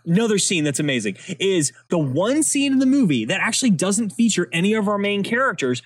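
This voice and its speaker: Animated expressive podcast host. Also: medium pitch, slightly rough, no room sound, studio quality. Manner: animated and expressive, quick to laugh. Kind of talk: casual film discussion and script reading.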